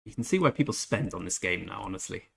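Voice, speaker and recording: A man's voice: deep voice, animated, quick pace, gravelly, a bit bright, breathy edge. A man casually commenting while playing a strategy game on a live stream, chatting with viewers and muttering to himself as he goes. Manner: chatty, reads chat aloud, mutters to himself. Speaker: gaming streamer.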